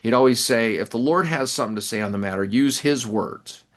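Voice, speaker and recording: A middle-aged man recounts stories as an interview guest in a rambling, halting way, often restarting his sentences. His voice sits in a middle pitch for a man. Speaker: interview guest, author and professor. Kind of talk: storytelling in a casual interview.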